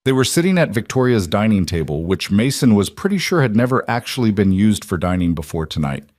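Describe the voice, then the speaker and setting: A man reads a scripted story aloud, measured and gentle. His voice sits on the low side and the recording is dry and close. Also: very animated, no echo. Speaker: narrator. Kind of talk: scripted narration.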